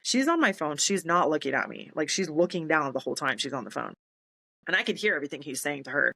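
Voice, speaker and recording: A woman's voice: deep voice, lively intonation, fast talker, creaky, pushed and bright, low-quality recording. A woman, a military veteran telling her story in casual talk, acting out quoted voices and laughing in disbelief.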